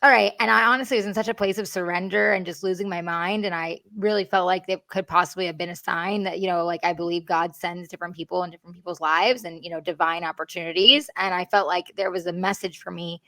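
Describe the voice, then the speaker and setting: A woman's voice: fairly low pitch, steady tone, quick pace, few pauses, bright, forceful tone, no room sound. Chatty woman, dry close sound. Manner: chatty, earnest, heavy with fillers. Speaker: guest. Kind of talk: candid interview conversation.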